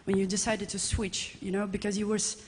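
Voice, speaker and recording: A woman's voice: medium pitch, little pitch movement, brisk, a little mellow, slightly rough. Nervous lady asking a question, lots of uhs, echoey hall. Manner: nervous, hesitant, many fillers. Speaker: audience member asking a question. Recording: reverberant event hall.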